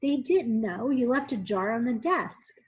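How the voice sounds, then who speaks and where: A woman reading aloud, voicing a kind, calm grandmother who speaks gently and quietly. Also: a little high, a little slow. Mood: gentle. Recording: muffled lo-fi recording.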